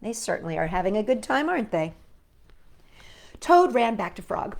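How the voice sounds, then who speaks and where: Animated woman reading to children. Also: medium pitch, normal speed, gravelly, long pauses. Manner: expressive, gentle, child-directed. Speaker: children's storytime host. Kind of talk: storybook read-aloud.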